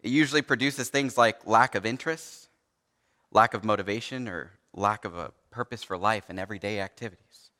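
Speaking briskly in a lowish voice that's still bright and forward, a male pastor preaches a relaxed sermon that carries through a big, reverberant church hall. His style is conversational, thick with fillers, and he voices the characters in his stories.

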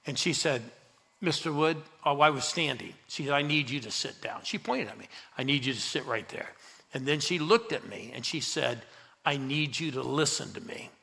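A man's voice: medium pitch, vocal fry. An older man, a pastor, telling a story in a sermon and acting out the dialogue as he urges the congregation on. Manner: animated, acts out the dialogue, urges the crowd.

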